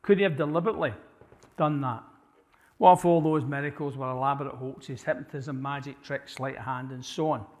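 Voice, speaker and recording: With a steady, mid-range voice and a fairly quick delivery, a church speaker presents an apologetics talk conversationally, questioning his listeners and often restarting sentences. Long reverb from the live church hall fills the recording.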